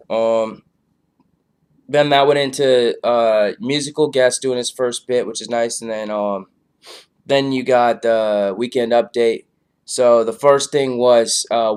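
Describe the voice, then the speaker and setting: A man's voice: mid-range voice, a little mellow, smooth. A man casually reviewing a comedy show, rambling loosely with lots of fillers. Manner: loose, filler-heavy, laid-back.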